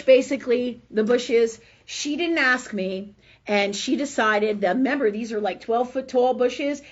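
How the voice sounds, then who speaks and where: Husky, animated woman hosting a talk show. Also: on the high side, dull audio. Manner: animated, profane, keeps asking "right?". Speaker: host. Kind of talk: casual spiritual talk show.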